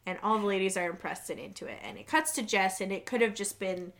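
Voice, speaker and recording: A woman co-hosting a podcast in casual chat, recapping a reality show, chatty and relaxed, laughing often. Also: medium pitch, fast talker.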